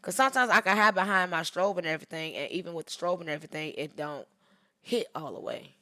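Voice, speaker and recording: A woman photographer commenting live while editing photos, talking to herself, swearing freely, and swinging from loud outbursts to hushed murmurs. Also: lowish voice, fast. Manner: profane, talks to herself. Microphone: streaming setup mic.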